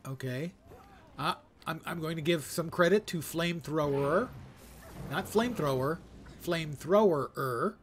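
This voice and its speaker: A man's voice: on the high side, unhurried, a little hiss or hum. A man streaming a game live, chatting casually with wry humor and muttering to himself as he reads. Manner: wry and chatty, mock-judging player names. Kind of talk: casual gameplay commentary.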